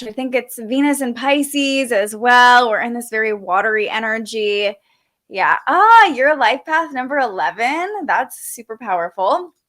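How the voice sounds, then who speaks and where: A woman's voice: on the high side, fairly bright tone. A young woman hosting a casual astrology livestream, chatting and reading viewer comments aloud, a bit sleepy.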